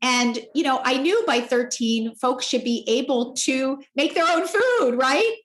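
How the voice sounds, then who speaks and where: A candid woman in her forties tells a personal story as a podcast guest, her voice sitting a bit high. She talks in an expressive, heartfelt way. The room around her gives a noticeable echo. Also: measured pace. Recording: roomy echo.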